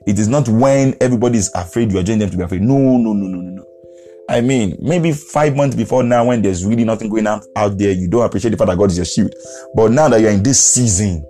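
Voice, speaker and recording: Mellow-voiced man preaching over soft music. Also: lowish voice. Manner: earnest, repetitive preaching with chuckles. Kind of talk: podcast sermon.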